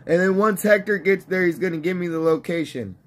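A man streaming gameplay, crude and rowdy, chattering to himself and bursting into shouts. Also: sits high, fairly quick. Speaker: livestreamer. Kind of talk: profane livestream gameplay chatter.

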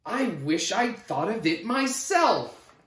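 A man voicing Nebraska, a kind, excitable male state in a storybook, speaking in high, eager bursts, recorded with a roomy echo. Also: slow pace, recorded from a distance, full character voice. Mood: excited.

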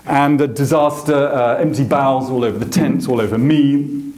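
A man telling a comic story on stage at a masterclass, self-mocking and animated, acting out the voices of the people he quotes. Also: mid-range voice, moderate pace. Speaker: photographer giving a masterclass talk. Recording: echoey hall.

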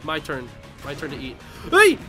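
Excitable high-voiced young gamer. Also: male voice, normal speed, soft background music. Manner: excitable, yelps and laughs, slangy trash talk. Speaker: gaming streamer. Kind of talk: live gameplay commentary.

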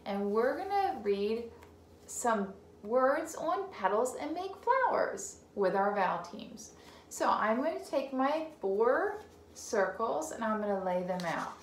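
A woman teaching phonics to a young child, unhurried and encouraging, stretching out each word and saying it twice. Her voice sits in a middle register and rings a little in an echoey room, with a faint hum behind her. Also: a little high, sing-song. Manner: encouraging, sounds out words slowly and repeats them. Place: home room.

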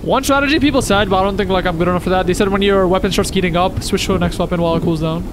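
A young man hosts a co-op game session at a racing pace. He is brash and teasing, full of slang. Game sounds sit loudly under his high voice. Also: very fast, noisy background. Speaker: gaming channel host. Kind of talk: casual multiplayer game banter.

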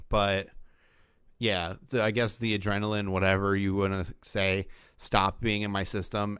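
A man's voice: fairly low pitch, a bit bright, clean tone, no room sound, clean studio sound. A man hosting a solo podcast, chatting casually in a rambling way with lots of swearing and fillers. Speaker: podcast host. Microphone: podcast microphone.

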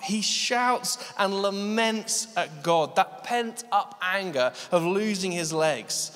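A man preaching a sermon in a church hall, his voice sitting a little higher than most men's. He tells a story with frequent ums, then slows down on key lines, and every word trails off into a long hall reverb. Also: animated, fairly bright tone. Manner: storytelling, many fillers, slows down for emphasis.

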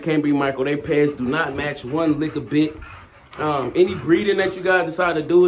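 Laid-back dog breeder man, slightly high voice. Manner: laid-back, talks to dogs mid-sentence; addresses viewers as y'all. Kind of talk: casual vlog.

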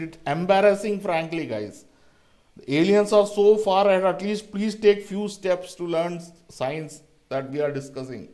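Higher-voiced Indian man ranting emphatically. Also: darkish tone. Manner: rambling and emphatic, often addressing listeners as "guys". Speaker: vlogger. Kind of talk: rambling monologue to camera.

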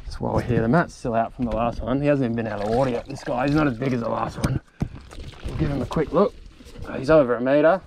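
Fishing vlogger, young man, mid pitch, excitable and sweary, faint noise behind. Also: normal speed, pauses often. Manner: excitable, swearing, talks to the fish. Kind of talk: excited solo fishing commentary. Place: outdoors on the water.

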